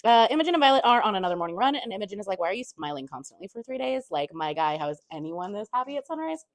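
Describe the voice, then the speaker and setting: A woman's voice: medium pitch, very animated, rapid-fire, dry recording. A woman giving a casual chapter-by-chapter book recap, chatty, throwing in blunt swearing asides and half-acting the characters' lines.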